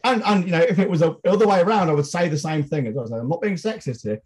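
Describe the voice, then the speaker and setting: A man's voice: on the high side, animated, fast talker, darkish tone. A middle-aged man, co-hosting a podcast in blunt, outspoken, sweary casual chat. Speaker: podcast co-host.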